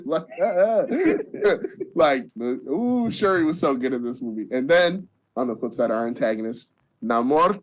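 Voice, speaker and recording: A young man excitedly retelling a movie on a podcast, acting out the characters' lines and laughing often. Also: medium pitch, takes it slowly. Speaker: podcast guest. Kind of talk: excited movie recap chat.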